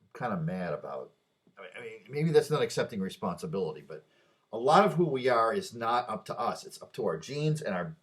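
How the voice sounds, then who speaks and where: A man's voice: lowish voice, very animated, fairly quick, breathy edge. A man talking to himself in a late-night rambling monologue, musing aloud, stumbling over restarts and trailing off. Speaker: vlogger.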